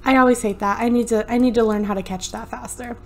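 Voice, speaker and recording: A woman's voice: a little high, steady tone, fast talker, a little mellow. A woman hosting a let's play, chatty and narrating each move on a USB desktop mic. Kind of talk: casual gameplay commentary.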